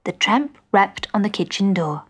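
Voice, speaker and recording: A woman narrating a children's storybook in an expressive, measured way. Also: mid-range voice, noisy background. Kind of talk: storybook reading.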